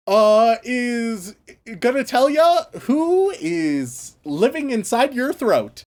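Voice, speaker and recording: A woman co-hosting a comedy podcast, playful and giggly with a drawn-out delivery. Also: fairly high pitch, very animated, a little mellow. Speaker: podcast co-host.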